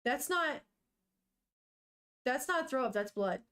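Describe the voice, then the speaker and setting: Young woman streamer reading manga out loud, animated, swears a lot, laughs a lot. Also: high voice, slow pace, clear, resonant tone. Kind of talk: casual live-stream chat and reading.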